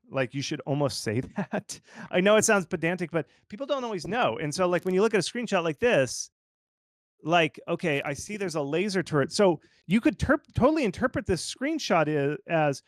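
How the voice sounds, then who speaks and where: A man who is a game marketing consultant, giving casual, animated advice full of "like" fillers. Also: a little high, normal speed, no echo, studio quality. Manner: animated and informal, lots of fillers like "like". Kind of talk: conversational expert commentary.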